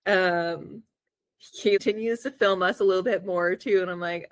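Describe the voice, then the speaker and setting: Chatty low-voiced woman telling a story. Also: moderate pace, dry recording. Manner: chatty, lots of "like" fillers; acts out her own reactions in quotes. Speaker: podcast co-host. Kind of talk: casual storytelling.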